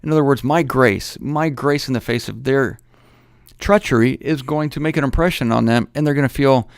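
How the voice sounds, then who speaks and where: A middle-aged man teaches the Bible in a loose, conversational way, joking as he goes and pausing to correct himself. His voice sits at an ordinary pitch for a man. The recording is dry, with no room sound. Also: creaky, smooth, no echo.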